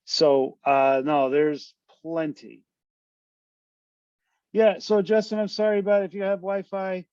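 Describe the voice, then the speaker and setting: A man's voice: high voice, fairly even intonation, slow, a little mellow, clean tone, dry recording, lo-fi sound. A man lecturing a university class online in a casual, conversational way, often checking in with "right?" to his students. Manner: loose, conversational, full of tag questions.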